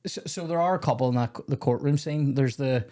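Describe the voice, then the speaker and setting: A man's voice: mid-range voice, brisk, warm tone. A young Scottish man hosting a comedy podcast, chatting casually and joking with a lot of swearing. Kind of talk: casual chat.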